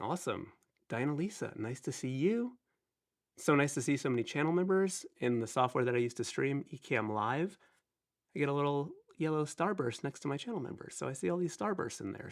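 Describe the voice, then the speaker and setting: A man's voice: on the high side, lively intonation, moderate pace. Chatty man hosting a live stream. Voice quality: nasal. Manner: chatty, rambling, self-deprecating. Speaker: livestream host. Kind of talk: casual live-stream chat.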